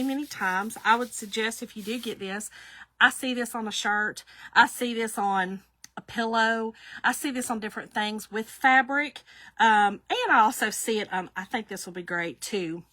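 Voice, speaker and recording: Bright-voiced chatty woman. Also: on the high side, no echo. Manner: chatty, laughs often, talks to viewers by name. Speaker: craft livestream host. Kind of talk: casual live craft demo chat.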